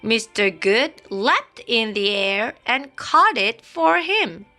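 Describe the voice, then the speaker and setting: A woman's voice: on the high side, very animated, takes it slowly, sharp tone. A woman reading a children's picture book aloud, dramatic and playful, with sound effects. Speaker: storybook reader. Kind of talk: expressive children's story read-aloud. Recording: faint background music.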